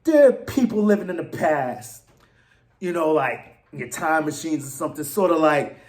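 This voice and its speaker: An excitable man, probably in his thirties, rants to his fans in a casual vlog, going from low mutters to loud outbursts. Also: moderate pace. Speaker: fan channel host. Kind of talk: animated fan rant to camera.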